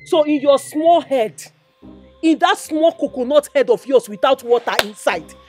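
A Nigerian fiancée with a sharp tongue, mocking and scolding in a movie drama. Her accent is plainly Nigerian, and a faint music score plays under her lines. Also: high-pitched, animated, moderate pace. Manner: mocking, scolding, switches into pidgin taunts. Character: sharp-tongued fiancée confronting a cheating man.

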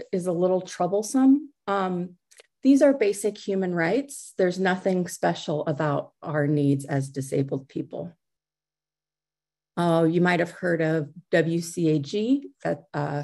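A woman's voice: low-pitched, warm tone. A middle-aged woman giving a conference talk over a video call, speaking conversationally with fillers and restarts.

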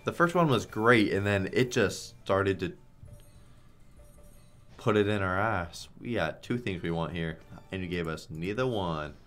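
Deep-voiced man swearing at slot spins. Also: lively intonation, measured pace, faint music behind. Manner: swears a lot, groans and shouts at spins. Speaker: online slots streamer. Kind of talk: live gambling commentary.

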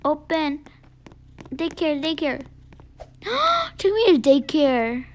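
High-pitched woman playing a game, slow bubbly chatter, lots of gasps and little whispers. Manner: excitable and chatty, gasps often and drops to whispered asides. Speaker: gaming video creator. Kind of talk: gameplay commentary.

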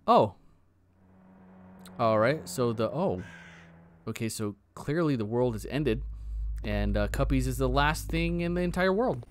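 A man giving jokey, animated commentary while playing a horror game. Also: mid-range voice, unhurried, pauses often, a little hiss or hum. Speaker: gaming video creator. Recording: loud game music behind voice.

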